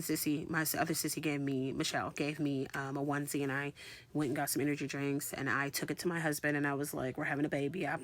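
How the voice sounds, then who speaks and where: Lively woman in her thirties, bright voice. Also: low voice. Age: 30s. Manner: animated storyteller, slangy, acts out both sides of conversations. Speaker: vlogger. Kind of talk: casual storytime.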